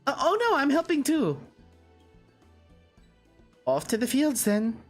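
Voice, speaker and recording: Man doing a high-pitched eager young woman, animated, excited game heroine, faint music behind. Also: takes it slowly, full character voice.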